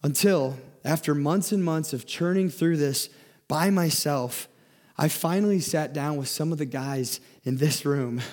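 A man's voice: on the high side, a little slow, a little mellow. A young man giving a sermon in an earnest way, often repeating and restarting his words as he speaks.

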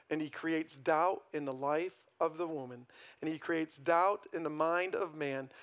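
A man with a rather high voice delivers a morning sermon in a conversational, questioning way. He leans on tag questions and lets his voice swell and then fall to a hush to drive home a point. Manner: conversational preaching, frequent "right?" tag questions. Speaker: pastor.

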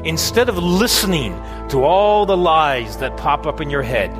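A man preaching a sermon, asking his listeners direct questions and voicing a psalm's pleas with rising intensity. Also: high-pitched. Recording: long hall reverb with faint music behind.

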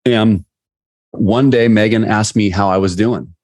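A man's voice: lowish voice, fairly even intonation, measured pace, a little mellow. A man, a sales leadership coach, talking candidly as a podcast guest and retelling conversations as anecdotes. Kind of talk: casual interview storytelling.

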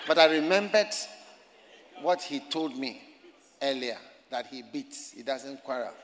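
Male preacher, high and bright, emphatic storytelling sermon; long hall reverb. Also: unhurried, slight background noise. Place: campus gathering.

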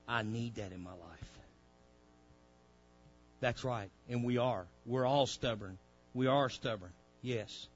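A man preaching a sermon in a church, dropping to low murmurs and rising to loud shouted peaks. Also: slightly rough, muffled recording. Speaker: pastor.

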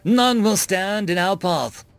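A man's voice: high voice, slow pace, smooth, dry recording, soft background music, voice pushed up. A man voicing an imperious vengeful female spirit. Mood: grave. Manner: commanding, scornful.

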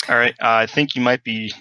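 A man's voice: medium pitch, bright, forceful tone, clear, resonant tone, no echo, poor audio. A man running a tabletop horror game as game master, talking with many fillers and restarts.

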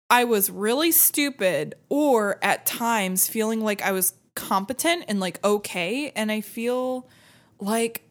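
A young woman in her twenties telling a personal story in casual chat, laughing often and acting out what people said. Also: medium pitch. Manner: animated, laughing, acts out quoted voices, many fillers.

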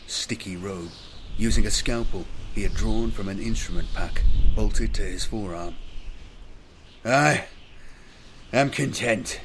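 A man giving measured, dramatic scripted audiobook narration. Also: lowish voice, slight background noise.

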